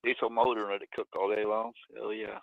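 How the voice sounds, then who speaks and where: A man's voice: lowish voice, level tone, quick pace, gravelly, no echo, dull audio. A man hosting a live video call chat, easygoing, mostly answering with short agreeing replies. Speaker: host. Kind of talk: casual chat.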